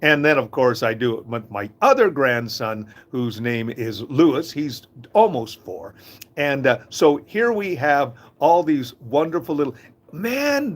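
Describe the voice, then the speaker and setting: Animated older man, folksy and chuckling. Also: mid-range voice. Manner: folksy, chuckles at his own stories. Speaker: host of a live talk. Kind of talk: casual inspirational talk.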